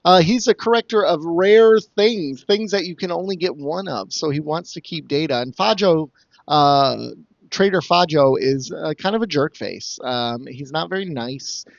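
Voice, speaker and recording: A man's voice: fairly high pitch, normal speed, vocal fry, dry recording, dull audio. A man co-hosting a casual podcast, rambling through jokey plot recaps and slipping into mock quoted voices. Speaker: podcast co-host summing up episodes.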